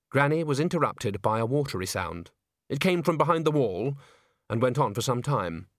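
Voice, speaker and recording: A man narrating a comic fantasy novel in a wry, measured storytelling voice. His pitch is middle but rises and falls with lively expression. The recording is dry and close. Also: dry recording. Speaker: audiobook narrator. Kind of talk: scripted narration.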